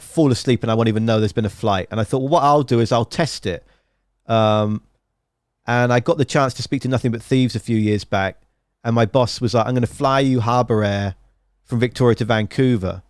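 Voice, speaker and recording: Male podcast host, rambling storyteller, mid pitch, dry close sound. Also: brisk, no echo. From England. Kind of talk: casual interview chat.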